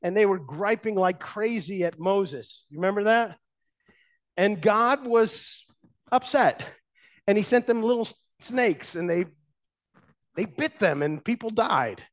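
A pastor preaching in a fairly high voice, retelling old stories from the pulpit. He swings between raised emphasis and hushed, quiet lines as he builds his points. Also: a little slow. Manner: storytelling, shifting between loud and hushed. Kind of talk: sermon.

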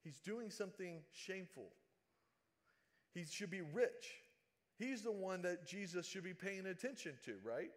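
A man delivers a sermon in a fairly high voice. He moves between loud, dramatic calls and quiet, hushed asides, retelling scripture with feeling. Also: expressive, unhurried. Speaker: preacher.

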